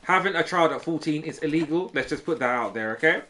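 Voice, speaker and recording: A man's voice: a little high, expressive, quick pace, bright, forceful tone, slight background noise. A man in his thirties, a gaming streamer rambling through a gossipy story and teasing his chat. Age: 30s.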